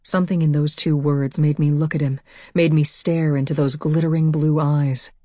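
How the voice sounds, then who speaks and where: A woman narrating a first-person audiobook in a steady, measured way on a close mic. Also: low voice, dry recording.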